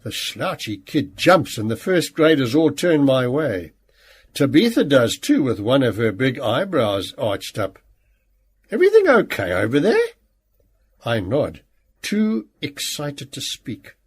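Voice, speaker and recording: A man narrating a novel in the first person, animated and playful. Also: medium pitch, takes it slowly, slightly rough. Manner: animated, acts out quoted speech. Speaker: audiobook narrator.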